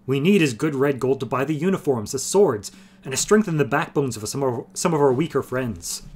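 A man's voice: mid-range voice, expressive, fairly quick, darkish tone, slightly rough, pitched above the performer's own voice. A man doing a scornful hot-tempered young noble. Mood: agitated. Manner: scornful, raging.

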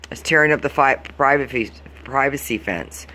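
A man's voice: mid-range voice, normal speed, bright, forceful tone. A man from Florida ranting to the camera, swearing constantly and sounding fed up as he complains. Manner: profane, exasperated, heated complaining. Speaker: vlogger. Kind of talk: angry venting rant to camera.

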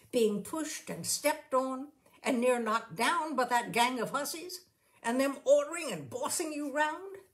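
A woman's voice: sits high, voice pushed up, heavily acted. Woman putting on a grumbling older washroom attendant. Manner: complaining, puffing and moaning.

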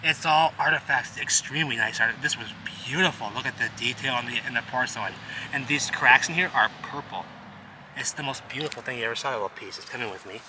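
An excitable man with a mid-range voice narrates a casual outdoor vlog, rambling, repeating phrases and calling the viewer "baby." His camera mic picks up clear outdoor ambience and traffic behind him, giving it a noisy handheld sound. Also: mid-range voice, quick pace. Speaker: vlogger exploring urban ruins. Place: outdoors in a wooded city lot.

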